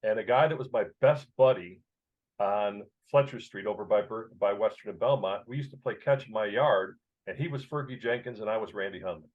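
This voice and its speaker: A man's voice: lowish voice, brisk. A man in his sixties, raised in Chicago, telling a childhood story as an author in an interview, emotional and vivid. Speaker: author and guest. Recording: dull lo-fi sound.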